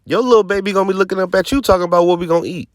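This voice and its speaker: A man's voice: high-pitched, racing, dry recording, studio quality. A man preaching scripture informally, emphatic and streetwise, often tossing in "man" and "right?" and sarcastic asides. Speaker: teaching officer of a religious group.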